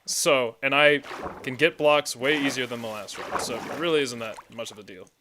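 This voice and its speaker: A man's voice: mid-range voice, moderate pace, background noise. A man chatting casually while playing a building game, rambling through side stories with plenty of fillers. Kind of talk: casual gameplay chat.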